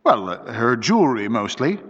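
A man reading the part of a nervous, guilty gentleman master who speaks slowly and keeps himself carefully composed. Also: mid-range voice, very animated, husky. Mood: strained. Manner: slow, strained, trying to stay composed. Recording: dull lo-fi recording with long reverb.

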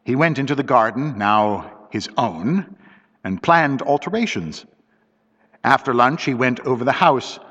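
A man reading a story aloud as an audiobook narrator, in a steady, deliberate storytelling manner. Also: mid-range voice. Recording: dull lo-fi recording with long reverb.

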